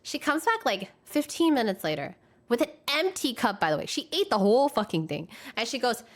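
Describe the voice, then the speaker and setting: A young adult woman streamer telling work stories in casual chat, slangy and animated, often laughing and acting out the voices of people she quotes. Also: a little high, fairly quick.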